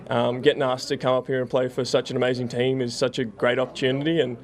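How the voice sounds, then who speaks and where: A young man from Australia with an Australian accent, a football punter being interviewed, who talks haltingly with many fillers. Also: medium pitch, level tone. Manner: halting, lots of fillers and restarts.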